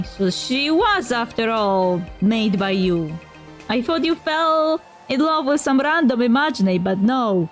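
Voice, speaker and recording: High-voiced woman streamer reading game text. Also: animated, unhurried. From Poland. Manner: voices characters and comments on the story. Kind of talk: reading game dialogue aloud. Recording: faint music behind.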